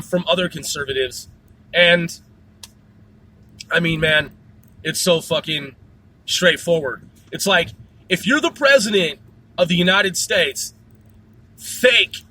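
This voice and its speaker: A man's voice: sits high, bright, forceful tone, slight background noise. A man hosting his own show in a rambling, casual monologue, swearing constantly. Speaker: podcast host.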